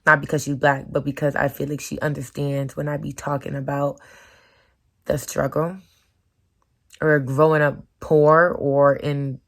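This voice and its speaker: A woman's voice: deep voice, level tone, unhurried. A woman vlogger talking frankly and emotionally into the camera, with casual slang and swearing. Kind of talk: candid personal vlog talk.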